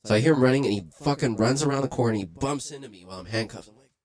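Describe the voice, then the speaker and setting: A man hosting a livestream, casually telling a profane, animated story and acting out quotes along the way. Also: medium pitch, racing. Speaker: livestream host.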